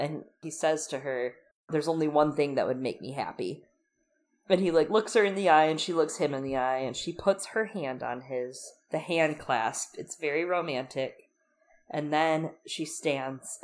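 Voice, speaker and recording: Gushing, animated young woman. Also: low voice, measured pace. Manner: animated, gushing, acts out quotes with laughs. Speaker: podcast co-host. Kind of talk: casual chat recapping a TV episode.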